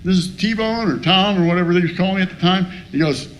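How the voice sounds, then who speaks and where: A man's voice: high voice, fast, a little hiss or hum. A man telling a blunt, profane story at a recovery meeting and acting out both sides of the talk. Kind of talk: storytelling share with humor.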